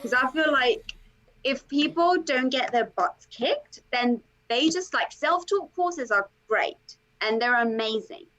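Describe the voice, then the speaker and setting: A woman coach talking as an interview guest, emphatic and animated, peppering her talk with "okay" and "like". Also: high voice, measured pace, muffled recording.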